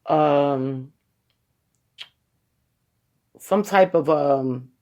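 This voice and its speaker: A woman retelling what a doctor told her, speaking in a measured, hedging way. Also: deep voice, mellow, heavily acted. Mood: explaining. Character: calm doctor explaining test results.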